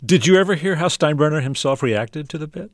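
A man hosting a radio interview, setting up clips in a measured way. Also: a little high, expressive, dry recording. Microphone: studio microphone.

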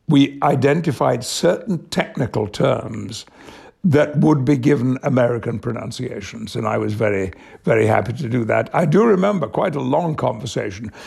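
An older man with an English accent, an actor guest in a radio interview, speaking in a measured, thoughtful way. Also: medium pitch, darkish tone. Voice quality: gravelly and husky. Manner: measured, thoughtful, reflective storytelling.

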